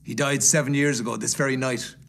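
A man voicing a bitter, miserly old man, speaking low, gruff and clipped. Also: fairly even intonation, brisk, fairly bright tone. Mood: scornful.

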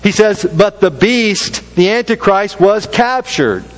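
A man preaching a sermon as pastor, repeating phrases for effect and dropping to a low hush at solemn lines. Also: expressive, takes it slowly, rough recording.

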